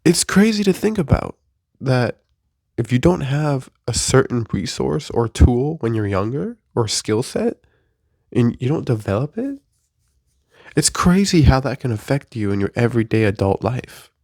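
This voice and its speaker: A man's voice: mid-range voice, sing-song, moderate pace, creaky, darkish tone, no room sound, clean studio sound. A man in his early twenties, sick with the flu, venting in an exasperated, profane casual rant. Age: 20s. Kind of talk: casual ranting monologue.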